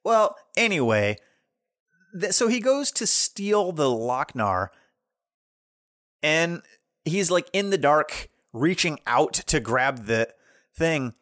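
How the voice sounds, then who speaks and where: Podcast guy chatting, super lively up and down voice, dead dry sound. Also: fairly high pitch, takes it slowly, pauses often, no room sound. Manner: animated retelling with playful quoted voices. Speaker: podcast co-host. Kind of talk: casual chat.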